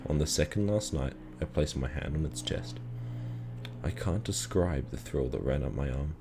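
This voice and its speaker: A man calmly reading a children's story aloud in a measured storytelling manner. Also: very deep voice, gravelly, over music. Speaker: reader.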